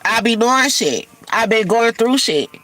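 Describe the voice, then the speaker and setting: Candid and teary, a woman livestreams emotional, casual talk, sniffling from crying and calling viewers y'all. Her fairly high, slightly bright voice has lively intonation and an unhurried pace, and the recording quality is low.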